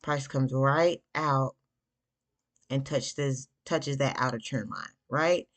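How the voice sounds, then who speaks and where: A young woman casually walking viewers through a trading chart, chatty and slangy, with sudden bursts of excitement. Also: rumbling low, slow. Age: young adult. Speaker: forex trader teaching backtesting. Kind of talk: casual screen-share trading lesson.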